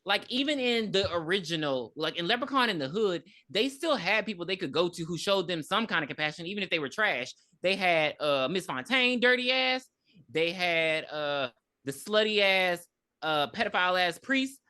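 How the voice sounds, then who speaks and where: A woman's voice: fairly low pitch, lively intonation, moderate pace, sharp tone. A woman podcast host giving a casual, profane movie recap with emphatic storytelling.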